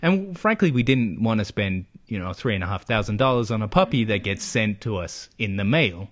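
A man's voice: on the low side, lively intonation, moderate pace. A man from Australia hosting a comedy podcast, telling a rambling story full of fillers and rhetorical questions. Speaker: podcast host. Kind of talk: casual comedic chat.

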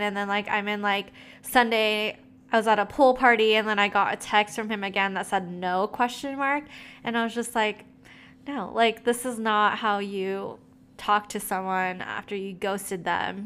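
Bright-voiced young woman telling gossip. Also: medium pitch, clean tone. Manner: gossipy, swearing, many fillers. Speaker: storyteller. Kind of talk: casual chat.

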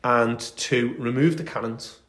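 A man's voice: mid-range voice, steady tone, measured pace, a bit bright, reverberant. Chatty man telling history. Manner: enthusiastic storytelling with many fillers. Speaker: podcast co-host. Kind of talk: casual history chat.

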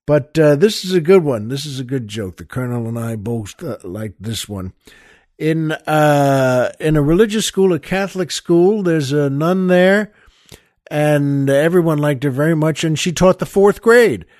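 A man's voice: on the high side, a little slow, darkish tone, dry recording, clean studio sound. An older man hosting a podcast, telling a joke in a rambling, chuckling way, with lots of fillers. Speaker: podcast host. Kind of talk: casual storytelling chat.

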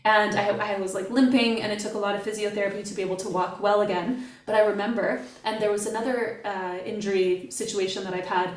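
A middle-aged woman talks in a lively, playful way as a podcast guest. Her voice sits at a middle pitch. It reaches the mic from a few feet back in an echoey room. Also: quick pace, few pauses, far from the mic. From Canada. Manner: animated, playful storyteller. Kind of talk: casual podcast conversation.

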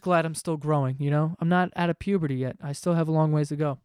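A man's voice: fairly high pitch, fairly even intonation, fast talker, hardly any pauses, a little mellow, clear, resonant tone, no room sound, studio quality. A man in his twenties ranting casually to camera at home, profane and rambling. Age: 20s. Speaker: vlogger. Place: home room below living room.

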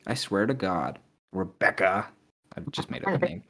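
A man's voice: fairly low pitch, animated, normal speed, fairly bright tone. A man co-hosting a podcast, casually reading out texts and posts with mocking voices. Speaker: podcast co-host.

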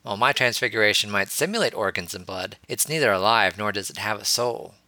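A man's voice: lowish voice, brisk, pushed and bright, dry recording. A man voicing a playful, teasing young male wizard teacher, amused as he explains. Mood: teaching.

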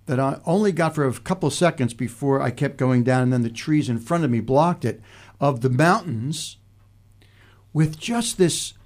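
Older man musing in a mellow voice. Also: medium pitch. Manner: thoughtful, meandering storytelling with frequent restarts. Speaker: podcast host. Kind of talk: casual reflective chat.

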